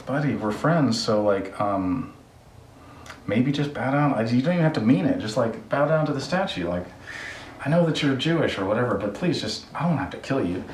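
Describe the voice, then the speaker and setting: A man's voice: medium pitch, lively intonation, normal speed, recorded from a distance, a little hiss or hum, lightly acted. A man voicing an ancient king who coaxes and pleads with three young men, in a roomy recording a little away from the mic. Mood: pleading. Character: pleading ancient king, boastful then coaxing. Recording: roomy sound, speaker off mic.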